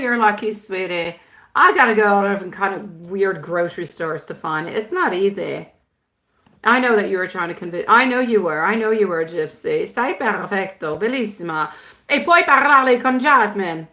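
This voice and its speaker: A woman hosting a live tarot stream, chatting warmly with viewers and mixing in Italian words and pet names. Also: mid-range voice. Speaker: tarot reader.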